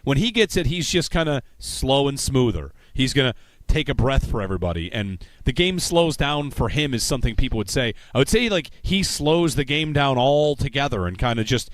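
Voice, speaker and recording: A man's voice: medium pitch, animated, moderate pace, no echo. A man hosting a sports talk radio show, chatting in a rambling, conversational way and reading show promos from a radio studio.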